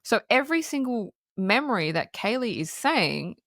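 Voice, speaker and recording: A woman's voice: on the high side, big pitch swings, normal speed, fairly bright tone, no echo, clean studio sound. A woman co-hosting a podcast, recapping a film in casual chat and laughing often. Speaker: podcast co-host. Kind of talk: casual movie review chat.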